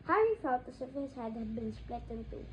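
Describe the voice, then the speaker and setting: High-voiced woman reading a story. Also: very animated, a little fast, noisy background. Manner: reads aloud with occasional slips and restarts. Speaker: audiobook reader. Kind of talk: fan audiobook narration.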